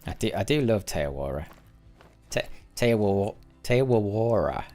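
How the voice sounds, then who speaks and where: A man's voice: on the low side, animated, normal speed, a little mellow, soft background music. A man giving casual live commentary while playing a game, rambling and correcting himself as he goes, sometimes muttering to himself. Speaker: gaming livestreamer.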